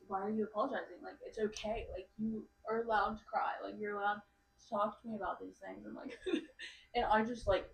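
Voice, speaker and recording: Young adult woman, guest on a chat podcast, chatty and rambling; roomy, distant sound. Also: medium pitch. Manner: rambling, full of "like" fillers, animated storytelling. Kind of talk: casual chat.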